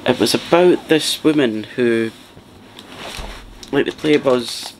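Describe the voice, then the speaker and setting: A man hosting a soft-spoken ASMR chat, rambling and partly whispering as he talks. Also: mid-range voice, slow pace, slight background noise. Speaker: ASMR channel host.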